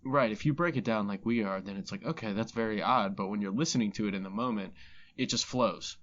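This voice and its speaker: A man's voice: lowish voice, a little fast, a bit bright, muffled recording. A man co-hosting a podcast, talking bluntly and casually about rap lyrics with plenty of swearing. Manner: blunt, laid-back, heavy swearing. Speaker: podcast co-host.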